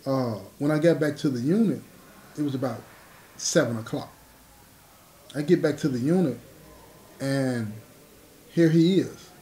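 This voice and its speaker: This man has a fairly high, warm voice, with a little hiss or hum in the background. He tells a prison story casually and streetwise, voicing the dialogue himself and often asking "you know what I'm saying." The sound is roomy and echoey.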